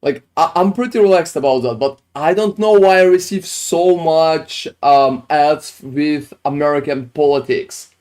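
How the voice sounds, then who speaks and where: A man's voice: a little high, unhurried, few pauses, a little mellow. A man streaming a game, chatting casually with viewers while reviewing their builds, with phrasing and frequent swearing. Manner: casual, swears often, non-native phrasing.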